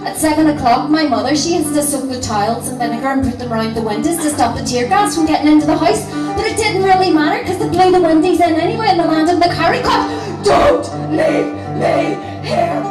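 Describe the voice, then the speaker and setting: A woman's voice: high voice, fairly quick, few pauses, loud music behind the voice, close to an everyday voice. A woman singing as a frantic newborn baby. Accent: Northern Irish. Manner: dramatic, pleading, half-sung outbursts. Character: panicked newborn baby refusing its birthplace. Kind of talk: sung and spoken performance piece. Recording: roomy live hall, distant mic, harp.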